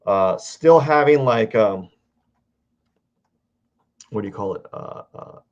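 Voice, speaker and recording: A man casually talking through a drawing livestream, rambling and halting as he searches for words. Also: fairly low pitch, lively intonation, a little mellow, lo-fi sound. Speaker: artist streaming a drawing session.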